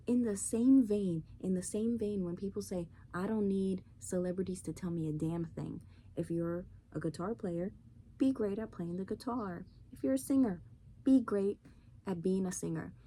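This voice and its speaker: A podcast host with a medium-pitched, dark-toned voice delivers a casual opinion monologue on her own show, ranting bluntly and with profanity. Faint background noise can be heard.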